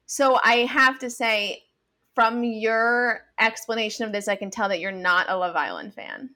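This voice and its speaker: Bright-voiced woman podcast guest. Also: fairly high pitch. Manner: playful, quick to laugh. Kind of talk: casual chat.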